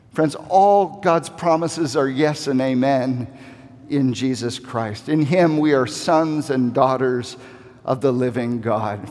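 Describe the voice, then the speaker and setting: A man preaching a sermon, rising to emphatic passages and then dropping to slow, quiet repetition of key phrases. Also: on the high side, long reverb tail.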